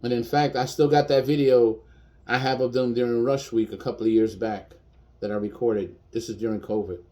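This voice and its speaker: A man's voice: medium pitch, steady tone, a little fast, dark tone. A man in his fifties, a chef, speaking bluntly and defiantly in a personal video rant, repeating his points for emphasis. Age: 50s.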